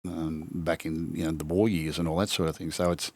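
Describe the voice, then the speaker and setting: A man's voice: rumbling low, little pitch movement, fairly quick, darkish tone. An older man with an Australian accent, a former rugby league coach telling stories in casual chat, acting out quotes with many restarts. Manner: yarn-spinning, acts out quotes, frequent restarts.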